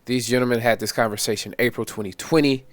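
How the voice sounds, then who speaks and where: A man's voice: medium pitch, steady tone, quick pace, no echo. Male commentary host, wry, laughing at his points, dry close sound. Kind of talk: reaction commentary.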